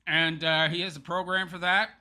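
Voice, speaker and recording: A man's voice: a little high, level tone, normal speed, pushed and bright. A man hosting a commentary show, talking sarcastically over a clip and laughing often at his target. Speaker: show host.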